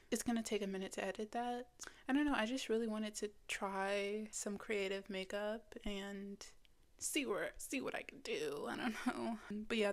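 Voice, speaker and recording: Teen girl vlogging, rambly and blunt, lots of restarts, mid pitch. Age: teens. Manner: rambling and candid, with frequent restarts and swearing; slips into a mocking whisper when quoting her inner critic. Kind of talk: casual sit-down talking video.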